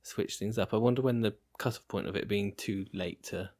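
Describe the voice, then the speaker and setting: A relaxed man on a podcast with a fairly low voice. He throws in short questions and quick agreement in easy, casual conversation. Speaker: podcast co-host. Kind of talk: casual chat.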